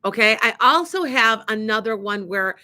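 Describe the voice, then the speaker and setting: Middle-aged woman, radio host and medium, bright voice, lively storyteller who restarts often. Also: fairly high pitch, moderate pace. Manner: animated, acts out quoted dialogue, many restarts. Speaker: psychic medium and show host. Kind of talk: casual storytelling on an internet radio show.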